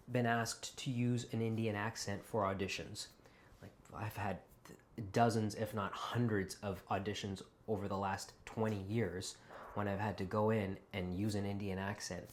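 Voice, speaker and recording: A Canadian man in his forties, an actor speaking with an American accent, chatting to camera and switching in and out of accent demonstrations. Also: on the low side. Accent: General American, put on over a Canadian one. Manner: animated, slips in and out of accent demonstrations. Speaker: actor and vlogger. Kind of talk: casual talk to camera.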